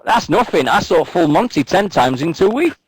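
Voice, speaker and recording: A man's voice: fairly high pitch, big pitch swings, normal speed, slightly rough, no echo, rough recording. A man co-hosting a wrestling radio show, bantering casually, joking and swearing as he rambles through stories.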